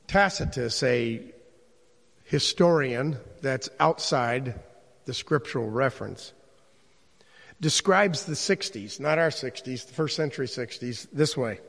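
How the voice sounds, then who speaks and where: A man's voice: medium pitch, animated, unhurried, creaky, a bit bright. A man teaching a Bible class in a conversational way, posing rhetorical questions to his listeners. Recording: long reverb in a large room.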